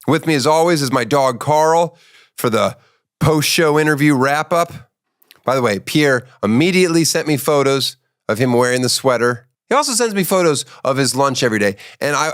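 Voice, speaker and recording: A middle-aged man hosting a casual comedic interview, teasing his guest with deadpan banter. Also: mid-range voice, dry recording, studio quality. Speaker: podcast host.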